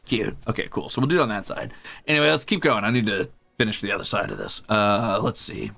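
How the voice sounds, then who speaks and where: A man's voice: lowish voice, fast, vocal fry, sharp tone, soft background music. A man streaming while he draws, chatting casually and rambling, muttering to himself and teasing his cat. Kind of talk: casual chat while drawing.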